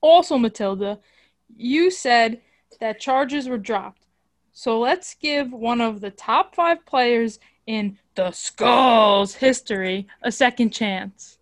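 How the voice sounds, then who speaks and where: A woman's voice: on the high side, no echo, clean studio sound. A woman reading as a formal male team boss. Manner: measured, formal delivery. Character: male team executive defending his player. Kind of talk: casual script read-aloud.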